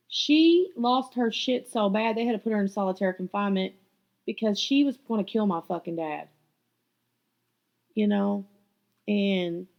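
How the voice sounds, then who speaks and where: Woman podcaster, raspy gravelly voice, swears a lot, spilling her story on a muffled lo-fi mic. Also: medium pitch. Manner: raw, candid, swears freely. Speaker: podcast host. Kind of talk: confessional personal storytelling.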